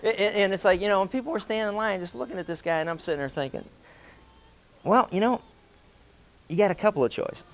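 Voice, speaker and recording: A man with a high-pitched voice talks fast but pauses often as he tells a group a casual story. He animates it by performing the quoted voices and chuckling between lines.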